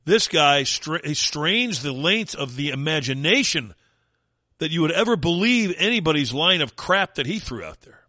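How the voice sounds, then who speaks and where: A man's voice: a little high, big pitch swings, moderate pace, bright, forceful tone, no echo, clean studio sound. A man hosting a talk radio show, delivering a sarcastic, mocking rant in an opinionated monologue.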